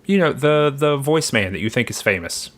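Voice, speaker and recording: A man with a mid-range voice co-hosts a relaxed podcast. He talks in easygoing, teasing banter with his co-host. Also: medium pitch, normal speed. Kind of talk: casual podcast chat.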